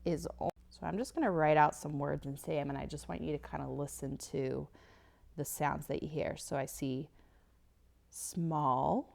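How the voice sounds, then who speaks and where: This tablet whiteboard recording features a woman with a low, gravelly, slightly mellow voice and a steady tone. She leads a phonics lesson with slides, taking it slowly and patiently as she sounds out every word.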